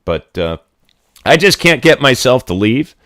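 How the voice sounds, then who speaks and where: Unhurried and with big pitch swings, a middle-aged man from Connecticut rambles and swears bluntly while ranting on his casual livestream chat. His mid-range voice is fairly bright, captured in a dry, clean studio recording.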